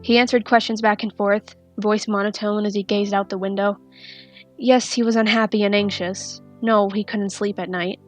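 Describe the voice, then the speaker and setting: A woman narrating a fanfiction story in a steady, soft-spoken reading. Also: medium pitch, moderate pace, faint music behind. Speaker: fanfiction reader.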